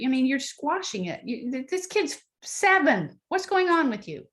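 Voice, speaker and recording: A woman's voice: high-pitched, sing-song, unhurried, hardly any pauses, a bit bright. A middle-aged woman giving a conversational talk on parenting, acting out bits of dialogue as she goes. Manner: conversational, acts out quoted dialogue. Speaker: parenting speaker. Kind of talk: motivational talk to an audience.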